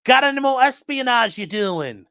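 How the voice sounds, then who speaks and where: A man putting on a cheeky cartoonish Australian bloke in a high mock Australian accent. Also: lively intonation, normal speed, sharp tone, clean tone, no room sound, clean studio sound, heavily acted.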